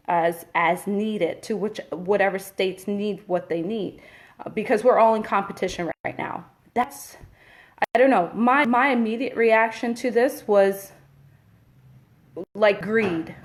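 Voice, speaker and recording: Brief: New woman, mid-pitch, chatty livestreamer, emphatic and indignant when she pushes back. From Queens, New York. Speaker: Facebook Live host. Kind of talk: casual live-stream update.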